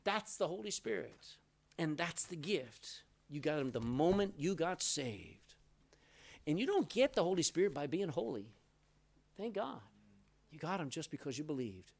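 A man preaching a sermon, swinging between loud and soft, reading scripture aloud. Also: fairly high pitch, very animated, moderate pace, vocal fry. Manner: reads scripture aloud in old-style wording. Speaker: pastor.

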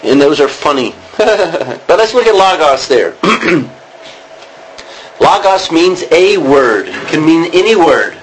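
A man's voice: on the high side, very animated, slow, pauses often, slight background noise, low-quality recording. A man teaching a classroom lesson, explaining in a roundabout way and checking in with his students. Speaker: Greek teacher. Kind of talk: classroom lecture.

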